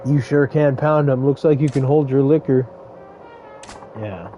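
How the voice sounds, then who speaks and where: A man's voice: medium pitch, unhurried, warm tone, muffled recording, faint music behind. A man casually commenting on a game he plays, rambling into crude, joking stories. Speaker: gaming streamer. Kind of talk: casual let's-play commentary.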